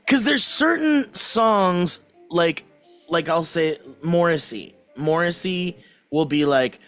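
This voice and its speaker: A man's voice: a little high, animated, unhurried, a bit bright, clean tone, soft background music. A man co-hosting a casual chat show, rambling and playful, with lots of fillers. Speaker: podcast co-host.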